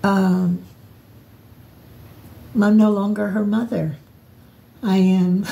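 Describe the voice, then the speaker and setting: A woman's voice: mid-range voice, little pitch movement, drawn-out words, creaky, pauses often, dark tone. An older woman telling personal stories in a rambling, reflective vlog, often restarting her sentences. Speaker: vlogger.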